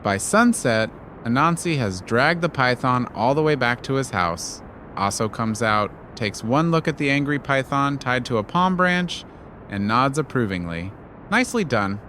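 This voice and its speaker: A man tells a bedtime story with wry, playful asides. His voice sits in a middle register and moves lively up and down. His delivery is relaxed, scripted narration. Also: mid-range voice, a little slow, a little hiss or hum.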